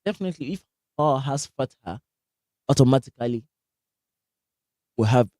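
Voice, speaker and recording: A man teaching Quran recitation in a live online lesson, energetic, asking the class questions and repeating sounds to demonstrate them. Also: mid-range voice, moderate pace, no echo, clean studio sound.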